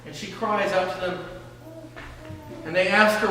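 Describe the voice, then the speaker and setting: A man preaching a sermon as pastor, slowly retelling a scripture story and often repeating words. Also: high voice, fairly even intonation, bright, forceful tone. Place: church sanctuary. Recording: echoey church hall from a distance.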